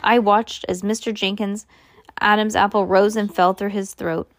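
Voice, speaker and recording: A woman's voice: mid-range voice, flat delivery, normal speed, dry recording, studio quality. A woman reading a novel aloud, now and then stopping to explain in her own words. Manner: plain reading with spoken asides. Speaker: reader.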